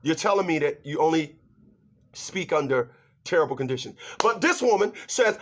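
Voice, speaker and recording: A man giving relationship advice in an animated monologue, emphatic and stammering as he talks straight to his audience. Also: a little high, moderate pace. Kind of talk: animated ranting monologue to viewers.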